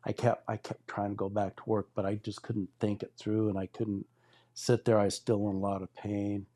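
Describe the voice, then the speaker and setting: Older guy in his 60s, lowish warm voice, rambling through his testimony casually. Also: level tone, normal speed. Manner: rambling storyteller who acts out quoted dialogue. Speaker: guest sharing his testimony.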